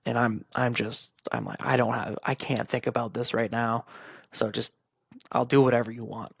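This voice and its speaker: A man's voice: mid-range voice, little pitch movement, normal speed, gravelly, slightly rough, dry recording. A young man hosting a podcast, frankly telling a personal story, swearing freely and acting out the conversations. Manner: frank and profane, retelling conversations. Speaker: podcast host.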